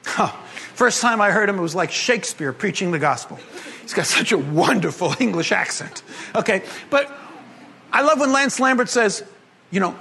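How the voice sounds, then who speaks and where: A man preaching a sermon to a congregation, animated and humorous, moving between emphatic and hushed delivery. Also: extremely high pitch, moderate pace, breathy edge. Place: congregation gathering.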